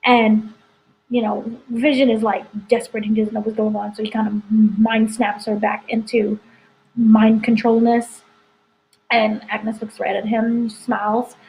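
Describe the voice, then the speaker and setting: A woman's voice: on the high side, flat delivery, unhurried, gravelly, a little mellow, poor audio. A woman editor chatting casually through a spoiler review, rambling with lots of "like" and "you know". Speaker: entertainment editor reviewing a TV episode.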